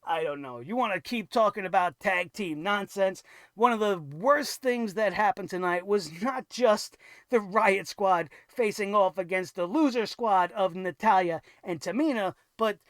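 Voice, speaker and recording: A wrestling show reviewer ranting sarcastically, swearing and now and then bursting into shouts. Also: mid-range voice, a little slow, no room sound, clean studio sound.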